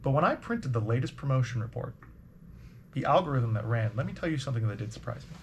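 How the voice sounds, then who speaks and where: A man voicing a gruff, pompous old birdlike company commander with folksy corporate patter, in a tabletop game. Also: mid-range voice, animated, fast, slight background noise, lightly acted.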